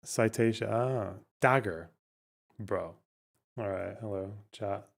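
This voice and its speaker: With vocal fry in a lowish voice, a male streamer speaks slowly as he casually responds to chat and clips. He swears, sounds incredulous, and thinks aloud, often starting over.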